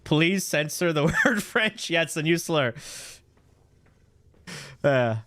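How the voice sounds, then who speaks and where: A man's voice: on the high side, lively intonation, slow pace, sharp tone. A young man live-streaming a video game from a home setup, joking with chat, rambling, swearing freely and stumbling over words.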